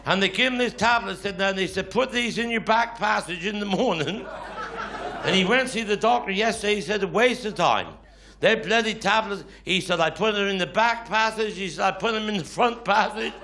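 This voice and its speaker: A man's voice: high voice, fairly quick, bright, forceful tone. A Cornish man performing live stand-up comedy, telling dialect stories with grumbling quoted voices. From Cornwall. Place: live stage before an audience. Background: audience laughter.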